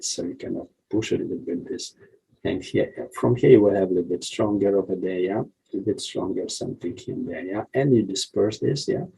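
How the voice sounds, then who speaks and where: Man, husky dark voice, rambling tutorial instructor. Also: poor audio. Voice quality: deep gravelly husky voice. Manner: rambling, frequent "yeah?" and "you see" checks. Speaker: art instructor. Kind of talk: drawing tutorial walkthrough.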